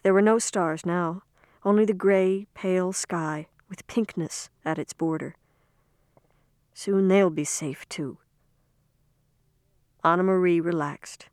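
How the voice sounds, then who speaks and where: A woman reading a storybook aloud in a calm, measured way. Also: on the low side, clean tone, no echo, studio quality. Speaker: reader. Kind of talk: storybook narration.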